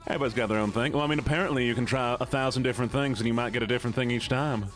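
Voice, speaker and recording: Young male streamer, mid pitch, lively and laughing, faint music bed. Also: rapid-fire. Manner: animated, laughs often, reacts to chat. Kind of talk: casual livestream chat reading.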